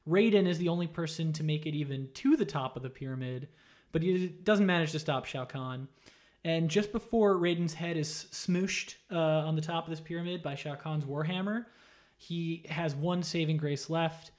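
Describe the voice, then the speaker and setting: A man with a slightly higher voice recaps a story in casual, animated chat. His delivery is loose and swears freely, and he slips into the characters' lines as he goes. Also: normal speed. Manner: animated, profane storytelling with acted-out quotes. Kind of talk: casual retelling of a game story.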